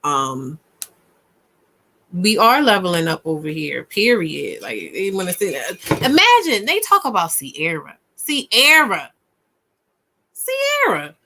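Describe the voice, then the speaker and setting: A woman in a casual chat who rants with punchy repetition. Her pitch swings widely, from low muttered asides to loud, high bursts. Her tone is bright and forceful. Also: wildly swooping pitch, measured pace, a little hiss or hum. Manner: emphatic and ranting, with punchy repetition. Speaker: podcast co-host.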